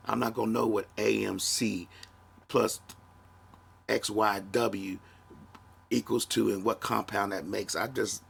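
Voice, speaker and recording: A man in a low, gravelly voice with a husky edge. He hosts a solo podcast, talking candidly and reflectively, and his throat sounds dry. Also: steady tone, measured pace, long pauses, a bit bright. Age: 50s. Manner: reflective, candid, gets emotional. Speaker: podcast host.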